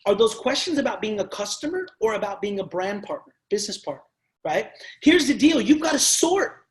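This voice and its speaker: A man's voice: high voice, big pitch swings, brisk. A man leading a sales team training, talking passionately and emphatically and acting out sales conversations. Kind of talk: energetic sales training talk.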